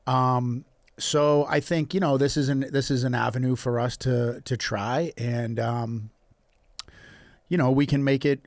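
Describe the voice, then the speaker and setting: A man's voice: mid-range voice, fairly even intonation, unhurried, dry recording. A man in his thirties with a Boston accent, co-hosting a casual podcast chat, blunt and teasing, with lots of swearing. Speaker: podcast co-host.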